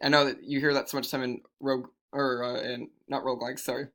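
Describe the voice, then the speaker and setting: Male storyteller, improvised fantasy tale, rambling and self-correcting, bright tone, average pitch. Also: little pitch movement, fast talker.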